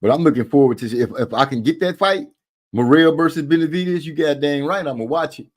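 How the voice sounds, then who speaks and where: A man's voice: a little high, fairly quick. A man hosting a casual boxing live stream from a room at home, talking in a rambling way with lots of fillers and restarts.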